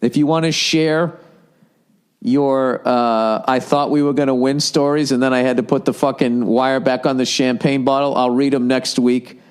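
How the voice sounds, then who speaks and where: A man's voice: mid-range voice, steady tone, moderate pace, clear, resonant tone. A middle-aged man, hosting a podcast in a casual, profane, exasperated monologue that rambles between thoughts. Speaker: podcast host.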